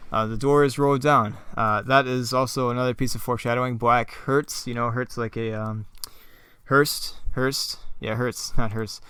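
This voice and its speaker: A man reads his own play script and comments on it as he goes. He rambles, with plenty of fillers and side remarks. His voice is smooth and the recording close and dry. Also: medium pitch, fairly bright tone, dry recording. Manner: rambling, with many fillers and asides. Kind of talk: casual script reading with commentary.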